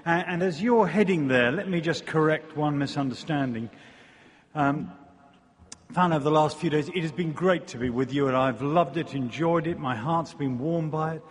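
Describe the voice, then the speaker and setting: A man with an English accent preaching a sermon, wry in his asides and slow and deliberate when he reads scripture. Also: on the high side, slightly rough, in a large hall. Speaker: visiting preacher. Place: church.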